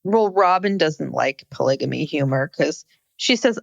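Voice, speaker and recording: A woman's voice: deep voice, animated, moderate pace, vocal fry, no echo. A woman co-hosting a podcast, recapping a reality show in casual chat with a wry, sardonic manner. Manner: wry, sardonic, narrates scenes. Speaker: podcast co-host.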